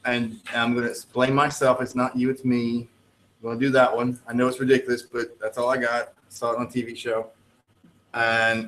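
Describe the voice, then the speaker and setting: Joking, animated male teacher in echoey classroom. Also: medium pitch, a little hiss or hum. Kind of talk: classroom lecture. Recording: echoey classroom with faint ambience.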